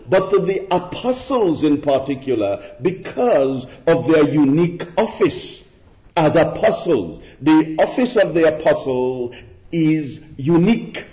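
Male preacher, expository sermon, unhurried and emphatic, with rhetorical questions; muffled lo-fi recording. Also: fairly high pitch. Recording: dull lo-fi recording.

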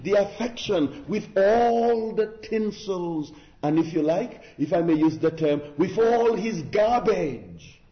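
A man's voice: on the high side, roomy sound, lo-fi sound. A man preaching a sermon in an earnest, exhorting manner, with rhetorical questions and emphatic repetition.

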